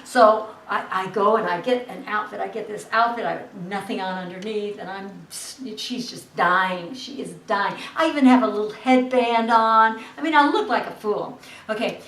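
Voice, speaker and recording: A woman, an actress guest on an interview show, telling stories in a lively way and acting out the people in them. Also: medium pitch, moderate pace. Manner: lively, acts out the people in her story. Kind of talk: animated anecdote telling. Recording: roomy, distant mic, faint hiss.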